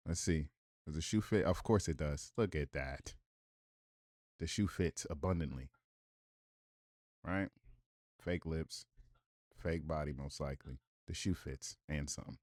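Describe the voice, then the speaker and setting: A man's voice: a bass voice, takes it slowly, long pauses, a little mellow, no echo, studio quality. A man giving casual reaction commentary, reading viewer comments aloud with blunt, profane asides and rhetorical questions.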